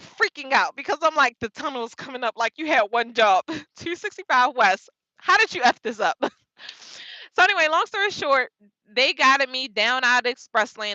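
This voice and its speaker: High-pitched young woman vlogging, bright voice, animated and laughy, dry sound. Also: no echo, dull audio. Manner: animated, laughing, dramatic retelling. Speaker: vlogger, truck driver. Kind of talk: casual storytelling vlog.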